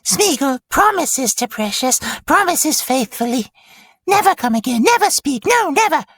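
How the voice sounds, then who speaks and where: Gollum, whining. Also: male voice, extremely high pitch, very animated, moderate pace, a bit bright, dry recording, pitched above the performer's own voice, exaggerated voice. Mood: pleading whimper. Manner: whining, pleading. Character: wretched whimpering creature, cringing and pleading. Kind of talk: read-aloud book passage.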